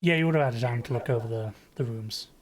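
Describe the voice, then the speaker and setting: Relaxed male game master. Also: mid-range voice, quick pace, slight background noise. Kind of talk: narrating a tabletop game.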